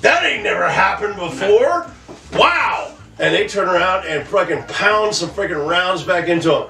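A man's voice: sits high, expressive, normal speed, vocal fry, bright, forceful tone, distant mic. A man co-hosting a history podcast, chiming in with profane jokes in casual banter. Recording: echoey room, off-mic, faint music.

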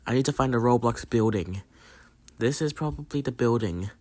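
A young man playing out a game role-play skit, reacting with quick, astonished exclamations. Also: mid-range voice, animated, warm tone, dry recording. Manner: exclaiming, rapid reactions of disbelief. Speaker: gaming YouTuber. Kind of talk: Roblox role-play skit voicing several characters.

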